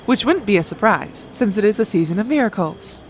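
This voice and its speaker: A woman's voice: mid-range voice, lively intonation, a little fast, a little hiss or hum, lightly acted. Woman playing an icy, cutting mother. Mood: scornful. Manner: cold, precise, cutting insults.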